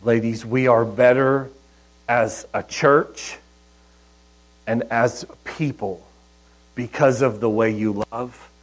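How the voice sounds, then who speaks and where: A man delivers a sermon in an unhurried, conversational way, telling stories and dropping into quiet asides. His voice sits at an ordinary middle pitch. A faint mains hum runs under the recording. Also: fairly even intonation, rough recording. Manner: conversational, storytelling with soft asides. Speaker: pastor.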